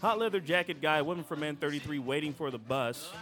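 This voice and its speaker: A man hosts a loose, jokey podcast, reading posts aloud in a lively voice that swoops up and down and sits a little high. He laughs easily between lines, and music plays behind him. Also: quick pace. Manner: laughs often, animated reading voice. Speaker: podcast host. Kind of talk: casual podcast banter, reading listings aloud.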